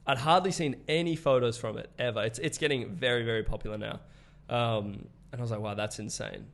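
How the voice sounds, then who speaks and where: A man's voice: medium pitch, a little fast, fairly bright tone. Australian man, twenties, podcast guest, casual, swears, laughs a lot. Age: 20s. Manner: swears freely, laughs often, loose storytelling. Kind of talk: casual conversation.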